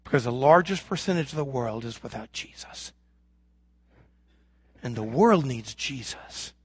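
A man preaching a sermon as pastor, swinging from loud emphasis to hushed lows and acting out imagined prayers. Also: expressive, unhurried, husky. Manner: acts out imagined prayers and voices of the congregation.

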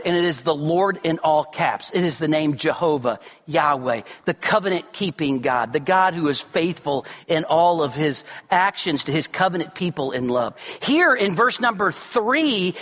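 A man preaching a sermon as pastor, earnest and emphatic, rising to near shouts and dropping low and quiet. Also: long reverb tail.

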